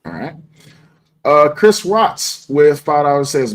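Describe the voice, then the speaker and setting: A man's voice: on the high side, big pitch swings, takes it slowly. A man hosting a casual livestream, reading super chats and answering them bluntly in a laid-back way. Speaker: host.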